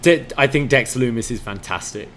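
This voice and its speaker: A man's voice: medium pitch, moderate pace, a bit bright, faint music behind. A man reviewing a wrestling show in casual podcast chat, giving enthusiastic analysis with frequent fillers.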